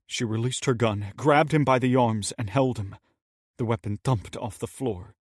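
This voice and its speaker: A man narrating an audiobook in a steady, measured way on a close mic. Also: mid-range voice, dry recording. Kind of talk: scripted narration.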